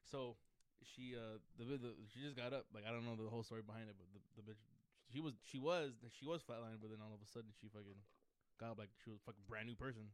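A man's voice: mid-range voice, fast talker, clear, resonant tone, no room sound. A young man co-hosting a podcast, chatting casually, rambling with many fillers as he tells a story. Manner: rambling, full of fillers, laughs easily. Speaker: podcast co-host. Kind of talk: casual chat.

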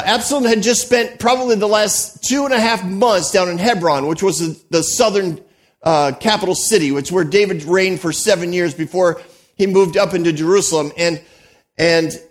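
Guy with a high voice preaching, tells the story animated, lots of restarts and little asides. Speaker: pastor. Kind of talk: sermon.

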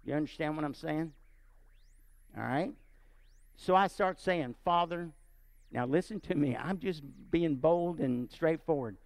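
A man preaching and telling a personal story, animated and often checking in with his listeners. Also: on the high side, measured pace, vocal fry, dry recording. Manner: animated, asks the audience often. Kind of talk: sermon storytelling.

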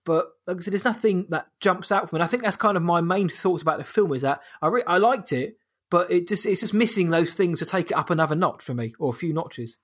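Guy, fairly high voice, casual podcast co-host who trips over his words. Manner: halting, many restarts and fillers. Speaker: film review podcast co-host. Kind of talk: casual chat.

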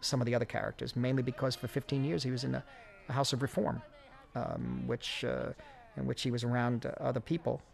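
A man giving a film commentary track, talking in halting runs full of fillers and restarts. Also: mid-range voice, expressive, creaky. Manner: halting, many fillers, quick bursts.

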